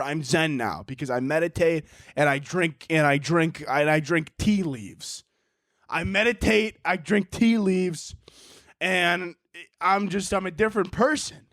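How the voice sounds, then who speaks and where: Male podcast host, high and very lively pitch, casual profane storyteller, dry close recording. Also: dry recording. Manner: animated, profane, laughs often, acts out both sides of a story.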